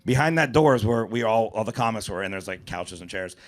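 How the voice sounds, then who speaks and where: A male comedian hosting a live podcast, telling an animated, profane story and acting out the quotes. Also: lowish voice, fast. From South Florida. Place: comedy club stage before a live audience.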